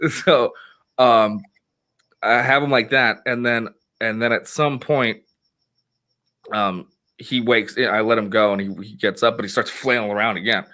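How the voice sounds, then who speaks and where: Bright-voiced man telling a rambling story. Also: lowish voice, fairly even intonation, a little slow. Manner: rambling, profane, laughs often. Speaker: podcast host. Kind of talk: casual chat, telling a story.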